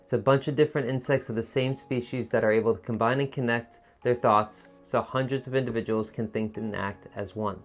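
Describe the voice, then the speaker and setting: Man, test-prep teacher, patient and encouraging, step-by-step explaining, mid pitch, faint music behind. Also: fairly even intonation, a little fast, hardly any pauses. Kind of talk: instructional video lesson.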